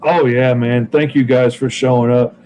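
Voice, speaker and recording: A man's voice: medium pitch, steady tone, moderate pace, highs cut off, slight background noise. A man co-hosting a casual comics podcast, talking in an easygoing, enthusiastic way. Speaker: co-host, comic creator.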